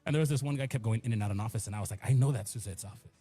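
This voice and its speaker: A middle-aged man from the Rio Grande Valley in Texas, a musician appearing as a radio guest, tells rambling stories in casual chat and acts out the quotes. His voice is on the low side, rapid-fire, mellow, and husky, with soft background music.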